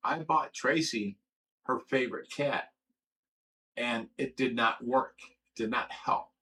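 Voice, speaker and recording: A man's voice: mid-range voice, takes it slowly, sharp tone, husky, poor audio. A middle-aged man hosting a livestream, reading viewer comments aloud and going on an aggrieved, profane rant, often stumbling and repeating words. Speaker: livestream host.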